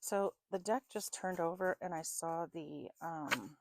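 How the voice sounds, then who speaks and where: Gravelly-voiced North American woman reading cards. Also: on the low side, a little slow, background noise. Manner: musing, thinking aloud, often asking "okay?". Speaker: tarot reader. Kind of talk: casual spiritual reading with spirit box.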